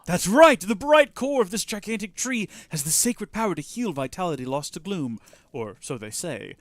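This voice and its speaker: A man's voice: high-pitched, big pitch swings, normal speed, dry recording, pitched above the performer's own voice. A man voicing a male enemy spy disguised as a friendly traveler in a video game, reading the lines aloud in a theatrical way. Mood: earnest.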